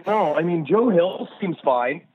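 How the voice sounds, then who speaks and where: A man's voice: fairly high pitch, animated, a little slow, breathy edge, no room sound. Profane, rambling comic man on a dull line. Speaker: podcast guest. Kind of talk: casual chat. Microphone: remote line.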